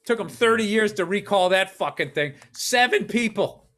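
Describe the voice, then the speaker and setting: A man's voice: sits high, lively intonation, normal speed, fairly bright tone. A man co-hosting a comedy podcast, ranting emphatically and swearing constantly in casual chat. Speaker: podcast co-host.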